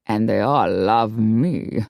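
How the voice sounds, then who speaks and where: A woman voicing a suave, smug male Latin lover who murmurs low and slow with a Latin accent. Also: warm tone, breathy edge, no room sound, heavily acted.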